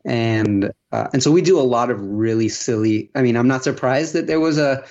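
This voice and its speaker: A male teacher explaining his classroom approach in a casual, animated way. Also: medium pitch, moderate pace, lo-fi sound. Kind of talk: casual conversation.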